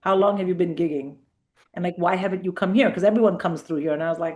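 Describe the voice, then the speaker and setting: Middle-aged woman comic, kinda low voice, telling stories and doing little voices for people. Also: fast talker. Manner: animated anecdotes, acting out quoted voices. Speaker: comedian guest. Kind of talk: casual interview storytelling.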